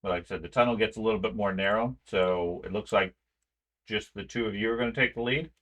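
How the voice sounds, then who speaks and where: Game master, male, slightly low voice with a bright edge, calm descriptive narration peppered with ums. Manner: unhurried scene-setting with frequent ums.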